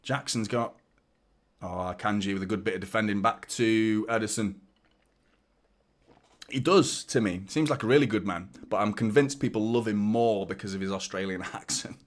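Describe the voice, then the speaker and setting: A man hosting a live football watchalong, chatting and joking with viewers and getting excited during attacks. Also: lowish voice. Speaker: fan channel host. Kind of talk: live match watchalong commentary and chat.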